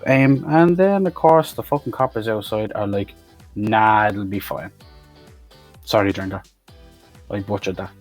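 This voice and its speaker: A man's voice: fairly low pitch, darkish tone. A man recapping a film in a rambling, sweary, sarcastic way. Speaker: film reviewer. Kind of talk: profane comedic movie recap.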